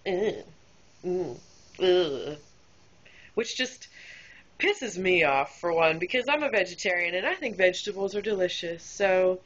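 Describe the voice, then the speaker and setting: A woman's voice: lowish voice, animated, moderate pace, a bit bright. Exasperated woman venting on a lo-fi recording. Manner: candid, exasperated, filler-heavy telling. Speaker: restaurant server. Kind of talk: casual storytelling vlog. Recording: dull lo-fi home recording.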